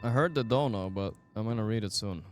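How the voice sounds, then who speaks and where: A man streaming a game, giving casual, excitable commentary, swearing often and talking to his chat. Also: fairly low pitch, a little fast, faint music behind.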